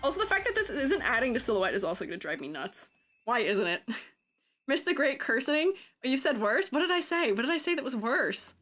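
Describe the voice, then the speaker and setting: A woman's voice: sits high, sing-song, a little fast, fairly bright tone, faint music behind. A woman who teaches character design, giving chatty live-stream commentary, reading the chat aloud and laughing often.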